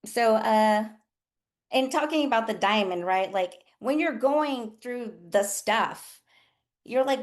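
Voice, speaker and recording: Woman, fairly high voice, nurse coach host, frank motivational talk, swears freely, earnest, calls listeners y'all. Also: animated, takes it slowly. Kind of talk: candid motivational talk with a group.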